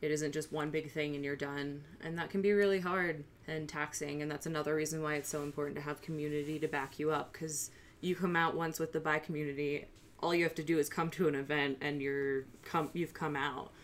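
Low-voiced woman hosting a podcast. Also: little pitch movement, a little fast, slight background noise. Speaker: podcast host.

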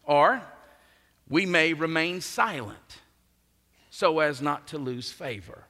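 A man preaching a sermon as pastor, earnest and emphatic, with his voice swinging between forceful rises and quiet drops. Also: on the high side, lively intonation, slow pace, pauses often. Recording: long reverb of a large hall.

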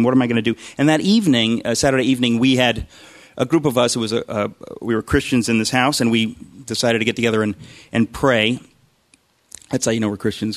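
A man tells a personal story in a loose, conversational way, circling back with restarts and little self-mocking asides. His voice sits in an ordinary middle register. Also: medium pitch. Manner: rambling, self-deprecating, with frequent restarts. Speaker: speaker telling a personal faith story. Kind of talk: casual storytelling.

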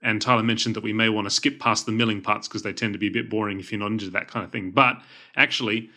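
A man's voice: on the low side, fairly even intonation, fast, pushed and bright. A man with an Australian accent, co-hosting a podcast in casual, meandering chat with a self-deprecating streak. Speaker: podcast co-host.

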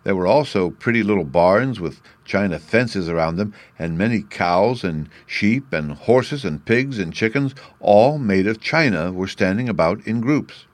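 Male storybook narrator; low voice, dry close recording. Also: lively intonation, unhurried, few pauses, dry recording. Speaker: audiobook narrator.

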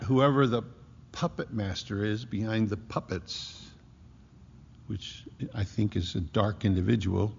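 A man preaching a sermon, emphatic, slowing down to stress key words. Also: medium pitch, vocal fry, darkish tone. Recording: muffled hall recording with long echo.

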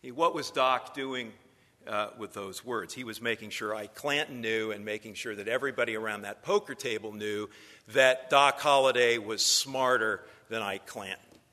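A man's voice: lowish voice, normal speed, bright, forceful tone, big-room sound. A man lecturing future preachers in a sermon style, telling stories and building to emphatic points.

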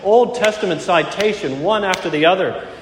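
A male pastor delivers an earnest sermon and hammers home his key phrases through repetition. His voice sits a little high for a man. The sound carries a long, roomy reverb, as if captured in a large church hall. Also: moderate pace, a little hiss or hum. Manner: earnest preaching, repeating key phrases for emphasis. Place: church sanctuary.

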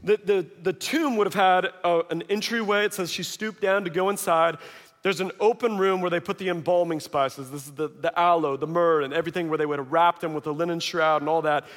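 High-pitched guy preaching, acts out the voices, big echoey hall. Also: fairly quick. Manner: animated storytelling, acting out quoted voices. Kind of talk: sermon. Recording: long hall reverb.

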